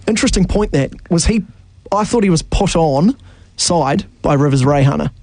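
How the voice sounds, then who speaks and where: Nz guy hosting sports radio, reads out texts fast n dry, bit high pitched, dead dry mic. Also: animated, darkish tone, no echo. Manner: brisk, reads messages aloud with dry asides. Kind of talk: sports talk radio, reading listener texts.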